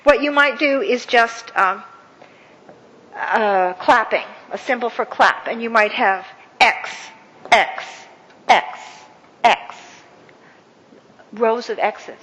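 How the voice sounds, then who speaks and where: A woman speaker leading an audience through a counting and clapping exercise, with many fillers and warm praise. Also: a little high, slow pace. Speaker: guest speaker. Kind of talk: interactive workshop talk. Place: event hall with audience. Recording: echoey hall with faint ambience.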